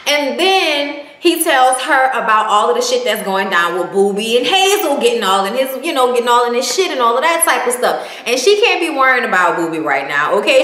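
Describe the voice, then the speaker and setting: A sassy woman with a high voice dishes on a reality show, cursing freely and tagging her lines with "okay?". She talks in a loose, casual way. The room around her sounds echoey. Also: sharp tone. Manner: sassy, profane, says "okay?" constantly. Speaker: reality TV recapper. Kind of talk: casual recap commentary.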